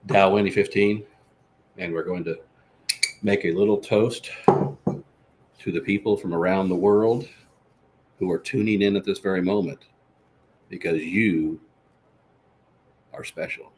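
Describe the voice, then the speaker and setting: A man's voice: low voice, fairly even intonation, a little slow, pauses often, darkish tone, slight background noise. A man hosting a casual live show, reading viewer comments and boasting about himself in the third person. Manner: reads out and answers viewer comments. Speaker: podcast host. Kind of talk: casual live-stream chat.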